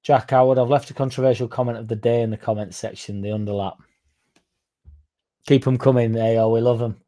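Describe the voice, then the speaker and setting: A man's voice: medium pitch, fairly even intonation, a little fast, mellow. A man hosting a casual livestream, rambling, swearing and chatting to viewers by name. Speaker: fan channel livestream host.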